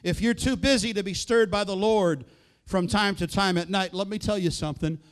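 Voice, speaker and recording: A man's voice: high-pitched, normal speed. A middle-aged male pastor preaching a sermon in a conversational way, full of rhetorical questions and quoted asides.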